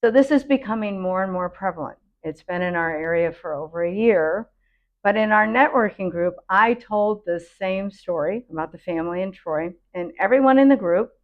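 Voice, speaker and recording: A woman's voice: mid-range voice, phone-quality sound. A woman host, a computer consultant, earnestly explaining a public safety warning.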